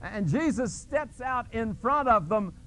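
A man's voice: lively intonation, measured pace, a bit bright, a little hiss or hum. A male pastor preaching a sermon, retelling a scripture scene dramatically and explaining a word, with restarts and fillers. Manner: dramatic storytelling with sudden pitch jumps.

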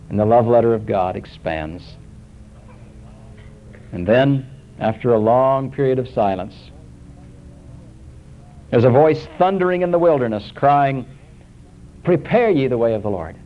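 A man preaching a sermon, swinging between soaring emphasis and hushed, low scripture quotations. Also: sing-song, measured pace, long pauses. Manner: dramatic rises and drops, quoting scripture in a hushed low voice. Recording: dull lo-fi recording.

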